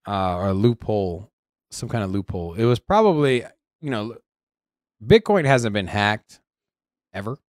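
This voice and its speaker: A man co-hosting a casual podcast, talking in an animated way with many halting restarts. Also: fairly low pitch, no echo, clean studio sound. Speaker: podcast co-host.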